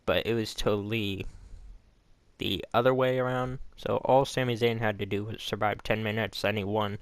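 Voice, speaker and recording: A man's voice: lowish voice, steady tone, moderate pace, smooth, no room sound. A man giving a casual, rambling recap of a wrestling show, often stopping to correct himself. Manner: rambling, self-correcting, loose and informal. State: hiccups.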